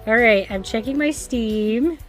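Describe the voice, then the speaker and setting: A woman's voice: a little high, measured pace, faint music behind. A woman game streamer in casual live-stream chat, giggling often and stammering when flustered.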